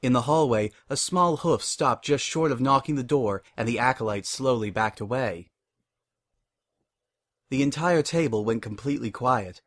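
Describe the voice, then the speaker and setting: A man narrating a story in a measured, expressive dramatic reading. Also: mid-range voice. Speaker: reader.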